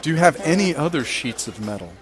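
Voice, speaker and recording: A man's voice: a little high, very animated, fast, crowd noise. A man playing in a tabletop game, asking questions in a hesitant, stammering way. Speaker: player.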